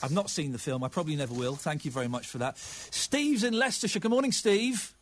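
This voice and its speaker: A man's voice: on the high side, lively intonation, fast, slight background noise. A middle-aged English man hosting a casual radio phone-in, chatting and reading listeners' texts with open emotion.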